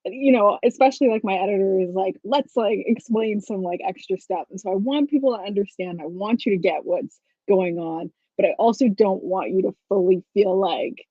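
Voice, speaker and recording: A woman's voice: mid-range voice, normal speed, few pauses, mellow, no room sound. Chatty woman author on dull lo-fi call audio. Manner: chatty, lots of "like", laughs while explaining. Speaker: author guest. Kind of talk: casual video-call interview.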